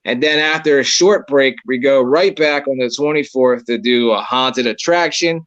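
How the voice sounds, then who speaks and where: A man's voice: medium pitch, normal speed, a bit bright, dry recording. Rambling Maryland man, dull dry sound. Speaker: paranormal investigator, podcast co-host. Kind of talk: casual chat.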